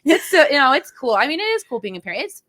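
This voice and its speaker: A woman's voice: high-pitched, fast. Laid-back, slangy woman podcaster. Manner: relaxed and slangy, swears casually, laughs a lot. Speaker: podcast co-host. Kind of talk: casual chat.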